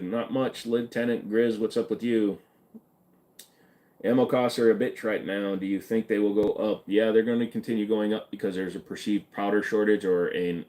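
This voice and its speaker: A deep-voiced man hosts a casual live stream, reading out chat questions and firing back blunt, joking answers. His low voice carries an easygoing tone. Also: a little mellow.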